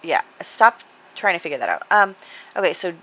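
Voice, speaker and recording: A woman's voice: lowish voice, big pitch swings, normal speed, pushed and bright, highs cut off. A woman giving casual, rambling gameplay commentary, chatty, with lots of ums and light laughs. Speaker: gaming channel host.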